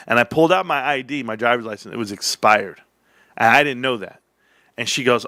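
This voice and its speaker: A man's voice: medium pitch, a little fast, bright, forceful tone, no room sound, clean studio sound. A middle-aged man telling a long personal story in a casual, rambling way, acting out the dialogue with restarts along the way. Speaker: stock channel host.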